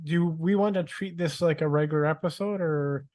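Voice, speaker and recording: Male podcast host, somewhat high voice, easygoing and quick to laugh. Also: darkish tone. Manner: easygoing, laughs and backchannels often. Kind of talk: casual chat.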